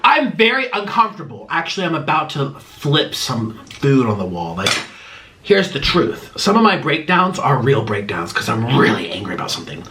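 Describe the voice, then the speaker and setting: A man's voice: medium pitch, very animated, normal speed, fairly bright tone, slight background noise. A man vlogger eating on camera and rambling emotionally through fan questions in casual chat.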